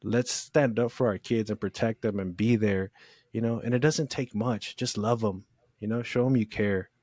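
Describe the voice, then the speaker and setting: A man's voice: lowish voice, steady tone, moderate pace, a little mellow, dry recording, studio quality. A man co-hosting a podcast with his brothers, speaking earnestly and emphatically and swearing casually. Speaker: podcast co-host. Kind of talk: casual heartfelt conversation.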